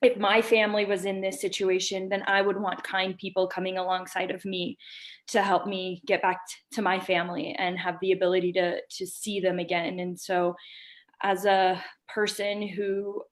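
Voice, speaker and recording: Heartfelt woman guest, softly emotional. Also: medium pitch, flat delivery, moderate pace. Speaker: nonprofit founder, interview guest. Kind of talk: conversational interview.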